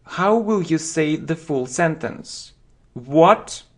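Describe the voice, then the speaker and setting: A man teaching English vocabulary, speaking slowly and deliberately and repeating each word for learners. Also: on the high side, expressive. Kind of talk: slow vocabulary lesson with drills.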